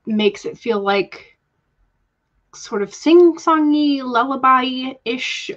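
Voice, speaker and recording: A woman's voice: medium pitch, fairly bright tone, dull audio. Chatty Southern woman streaming. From Georgia, US. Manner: chatty, greets viewers by name, laughs often. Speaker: livestream host. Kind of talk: casual livestream chat.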